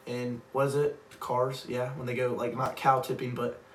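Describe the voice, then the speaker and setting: A man's voice: mid-range voice, little pitch movement, normal speed, fairly bright tone. A young man co-hosting a casual chat, telling a long rambling story with many "like"s and frequent laughs. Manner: rambling, laughs often, heavy use of "like". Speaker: podcast co-host. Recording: roomy, distant mic, faint background noise.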